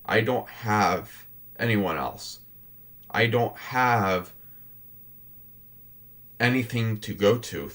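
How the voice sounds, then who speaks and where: A man voices his hero in a tabletop role-play session. He speaks slowly and haltingly, often stopping to restart a thought. His voice sits fairly low. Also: fairly bright tone. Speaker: player.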